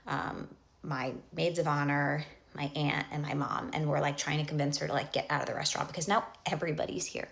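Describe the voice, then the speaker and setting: A woman's voice: low voice, creaky, a bit bright. A young woman telling a personal story in casual storytime style, rambling with lots of fillers and restarts, and often dropping to a whisper for asides.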